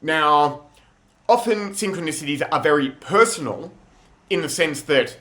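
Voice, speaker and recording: A man's voice: on the high side, lively intonation, a little slow, pushed and bright. A young man telling rambling, laughing, slangy stories in a casual monologue. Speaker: vlogger.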